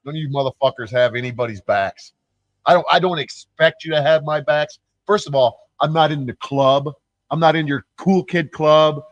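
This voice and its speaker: A man's voice: a little high, normal speed, no echo, dull audio. A man ranting on his own channel, profane and taunting, mocking the people he calls out. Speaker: YouTuber. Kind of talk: angry ranting vlog.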